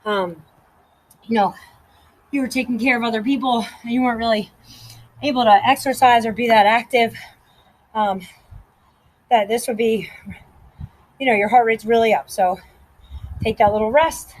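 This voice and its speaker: A woman's voice: fairly high pitch, moderate pace, pauses often, a little mellow, dry recording, poor audio. Breathless woman leading a workout. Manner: counts reps aloud, encouraging. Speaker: fitness instructor. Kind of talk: guided workout instruction.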